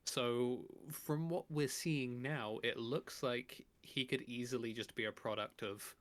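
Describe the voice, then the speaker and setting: A man who is a guest on a podcast, speaking in a measured, analytical way about a show. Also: mid-range voice, steady tone, fairly bright tone. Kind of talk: casual analytical chat.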